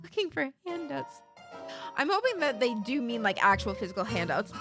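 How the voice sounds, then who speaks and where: A woman's voice: fairly high pitch, sing-song, normal speed, over music. A young woman streaming a video game, giggling and chatting casually as she reacts to it. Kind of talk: casual gameplay commentary.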